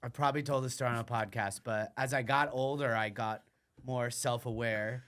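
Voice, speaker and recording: A man's voice: medium pitch, steady tone, normal speed, fairly bright tone. A man, a comedian guest on a podcast, chatting casually and reflectively, acting out his own past lines. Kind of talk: casual chat.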